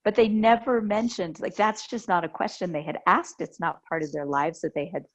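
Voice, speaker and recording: A woman's voice: lowish voice, normal speed, highs cut off. A woman podcast host chatting casually and telling a story, acting out the voices she quotes. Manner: lively storyteller who acts out quoted voices.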